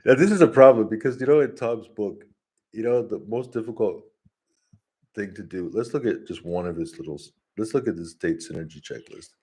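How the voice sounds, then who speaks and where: A man's voice: on the low side, a little fast, dark tone, breathy edge. A man talking in a rambling, casual monologue, often laughing and restarting his sentences. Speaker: vlogger. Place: home, talking to his dog.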